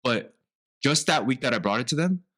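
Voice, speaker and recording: Young adult male co-host, casual animated storyteller. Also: mid-range voice, fairly quick. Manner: animated storytelling, acts out quoted parents. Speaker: podcast co-host. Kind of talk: casual chat.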